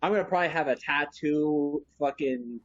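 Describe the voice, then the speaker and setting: Husky laughing podcast co-host. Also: male voice, fairly high pitch, moderate pace, lo-fi sound. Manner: laughing, protesting banter. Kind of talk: casual chat.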